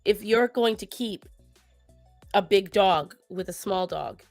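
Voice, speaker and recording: A woman co-hosting a casual talk show, speaking to her viewers and giving pet advice in an animated way. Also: mid-range voice, slow, dry recording, faint music behind. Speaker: co-host. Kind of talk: casual chat.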